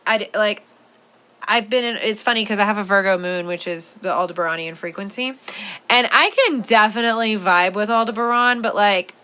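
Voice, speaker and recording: Bright-voiced rambling woman podcaster. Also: medium pitch. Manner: rambling, full of "like" fillers, playful and laughing. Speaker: podcast host. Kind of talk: casual chat.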